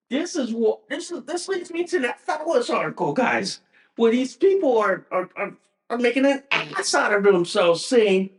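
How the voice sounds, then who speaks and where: A man's voice: sits high, sing-song, normal speed. A male podcast host delivering a profane, repetitive political rant in an emphatic tone.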